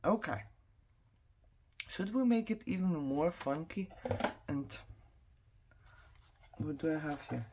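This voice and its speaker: A woman's voice: low voice, lively intonation, slow pace, long pauses, noisy background. A woman whose first language is not English, chatting and telling a story while she crafts, rambling, laughing often and talking to herself as she works. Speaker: craft vlogger.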